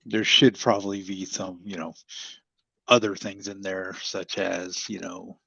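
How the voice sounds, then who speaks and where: Man, taekwondo coach, gravelly, easygoing and rambling, dry dull video-call sound. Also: low-pitched, level tone, measured pace, bright, forceful tone, no room sound. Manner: easygoing, rambling with many fillers. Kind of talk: casual interview answers.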